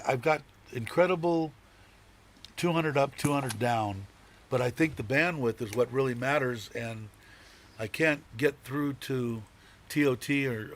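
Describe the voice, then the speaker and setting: A man hosting a live stream, chatting casually and rambling, swearing now and then and chuckling often. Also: medium pitch. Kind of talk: casual chat.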